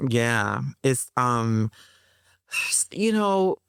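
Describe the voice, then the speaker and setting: A woman poet and interview guest who speaks with a measured, thoughtful cadence and corrects herself as she goes. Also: extremely low pitch, very animated, clean tone, no echo, clean studio sound. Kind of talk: spoken-word poetry and interview talk.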